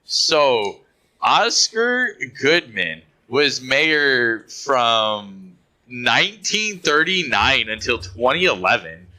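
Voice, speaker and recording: Animated, bright-voiced man teasing his co-hosts. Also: mid-range voice, drawn-out words. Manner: playful, teasing, acts out others' excitement. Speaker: podcast co-host. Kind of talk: casual chat.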